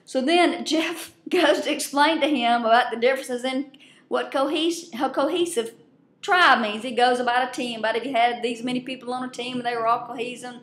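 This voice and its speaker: A woman casually recapping a show on her vlog, chatty, profane and quick to laugh, recorded on a webcam at her desk. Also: sits high, a bit bright, slight background noise. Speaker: vlogger. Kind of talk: casual chat. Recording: roomy echo.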